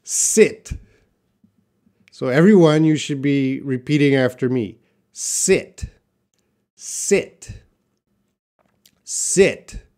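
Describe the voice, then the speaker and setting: A man's voice: medium pitch, darkish tone. A man teaching a live online English pronunciation lesson, stretching out example words and chatting casually with viewers.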